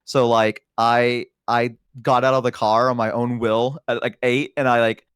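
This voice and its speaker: A man's voice: mid-range voice, flat delivery, moderate pace, clean tone, no echo, studio quality. A young man with a Southern US accent, a streamer hosting a casual livestream chat and telling stories in a rambling, hesitant way full of fillers. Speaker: streamer host.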